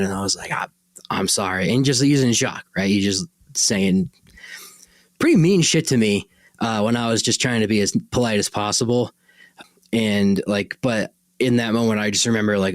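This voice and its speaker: A man's voice: deep voice, no room sound. A man hosting a podcast, telling a personal story in a rambling, conversational way and often correcting himself. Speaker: podcast host.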